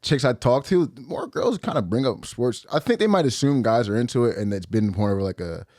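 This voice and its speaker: A man's voice: medium pitch, expressive, fairly quick, darkish tone, no echo. A young man from the Philadelphia area co-hosting a sports podcast. He tells loose, profane stories into a close mic and laughs often. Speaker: podcast co-host. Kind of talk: casual sports podcast chat.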